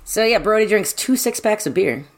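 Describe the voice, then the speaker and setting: A woman co-hosting a casual podcast chat about a book, swearing freely and acting out characters' lines in quick, high voices. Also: lively intonation, a little hiss or hum. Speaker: podcast co-host.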